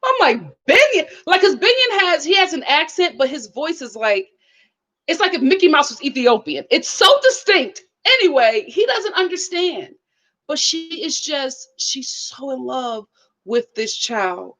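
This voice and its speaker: A woman talks straight to her viewers in a lively, preachy way while she reviews a reality show. Her voice sits a bit high, and she keeps the tone of a casual live chat. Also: a little slow. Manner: animated, preachy, addresses viewers directly.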